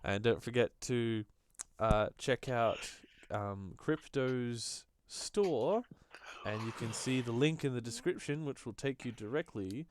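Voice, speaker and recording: A man hosting a casual political podcast, rambling and halting with frequent fillers. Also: medium pitch. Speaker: podcast host. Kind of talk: casual leftist podcast chat.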